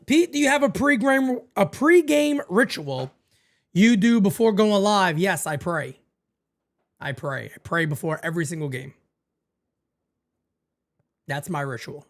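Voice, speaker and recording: A man hosting a live-stream watch party, calling the baseball game and chatting with viewers in a casual, excitable way. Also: measured pace, long pauses. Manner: animated, jumps into high excited calls then drops low and quiet.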